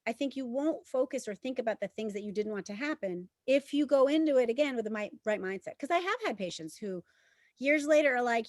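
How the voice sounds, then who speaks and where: A woman's voice: fairly high pitch, animated, brisk, no room sound, studio quality. A woman obstetrician explaining birth to listeners in casual chat, earnest and insistent.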